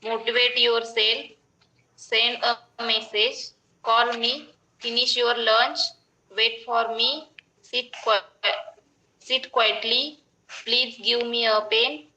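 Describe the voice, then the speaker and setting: Slow, bright-voiced woman reading aloud. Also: on the high side, steady tone, rough recording. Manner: slow, careful reading with self-corrections. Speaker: adult English learner. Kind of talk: reading English sentences aloud in class.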